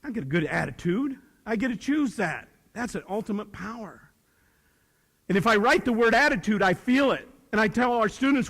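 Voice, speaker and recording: Middle-aged male teacher, high voice, folksy motivational speaker, echoing hall. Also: normal speed, creaky. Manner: folksy, animated, acts out dialogue with shifting voices. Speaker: teacher giving a talk. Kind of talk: motivational speech to students. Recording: reverberant hall.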